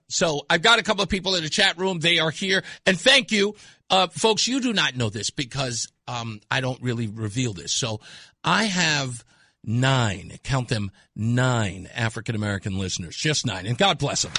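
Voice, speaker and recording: A man's voice: on the high side, bright, forceful tone, no echo. A man hosting a talk radio show, delivering a mocking, scornful monologue into a studio mic. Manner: mocking, scornful, laughs at callers.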